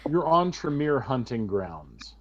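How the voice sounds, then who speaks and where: A man's voice: mid-range voice, very animated, takes it slowly, dull audio. A man playing a prim, threatening vampire woman. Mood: stern. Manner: curt, threatening. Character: prim, stern vampire woman guarding her turf.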